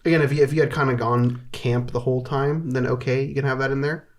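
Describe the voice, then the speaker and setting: A man's voice: mid-range voice, fast talker. A man co-hosting a movie podcast, chatting casually and nitpicking a film while acting out lines in a mocking voice. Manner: animated nitpicking, acts out quotes. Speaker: podcast co-host. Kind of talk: casual chat.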